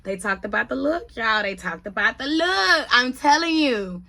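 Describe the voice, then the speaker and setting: A woman in her thirties gives a casual vlog update in a bright, high voice. She tells her stories in an animated way and keeps speaking to her viewers as "y'all," slipping into relaxed vernacular. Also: normal speed, creaky. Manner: chatty, animated storytelling, addresses viewers as y'all. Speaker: vlogger.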